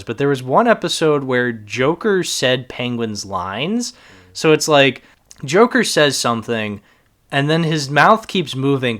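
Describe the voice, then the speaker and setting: A man from Boston chatting casually about movies and cartoons, animated and laughing often. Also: mid-range voice. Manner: animated, laughs often, quotes lines in put-on voices. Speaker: podcast host. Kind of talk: casual chat. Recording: lawn mower hum in background.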